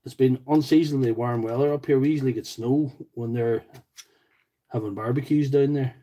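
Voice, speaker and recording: Brisk and warm, his mid-range voice keeps a fairly even intonation. The speaker, a man from County Tyrone in Northern Ireland, is running a tool repair livestream, chatting casually, joking, and taking viewer comments as he works, all on a low-quality recording.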